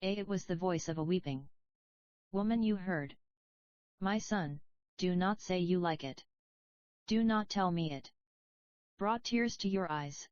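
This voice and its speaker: A woman voicing a big, ugly, possessive old toad mother, gruff and coarse, in a dull lo-fi recording. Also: on the low side, unhurried, long pauses, a little mellow, dry recording, close to an everyday voice. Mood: pleading.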